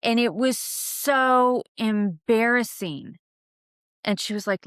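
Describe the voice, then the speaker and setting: A woman's voice: medium pitch, steady tone, slow, clear, resonant tone, no echo, clean studio sound. A young woman hosting a witchcraft podcast, telling stories and teaching in a candid, casual way, swearing freely and using many fillers. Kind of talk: casual storytelling lesson.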